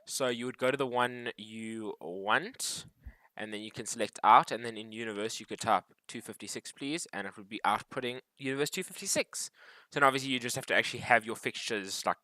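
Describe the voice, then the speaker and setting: A man's voice: mid-range voice, fairly quick, pushed and bright, no echo, rough recording. A man hosting a livestream, casually explaining a lighting console setup in a rambling way with frequent restarts. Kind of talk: casual live tutorial chat. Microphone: desktop USB microphone.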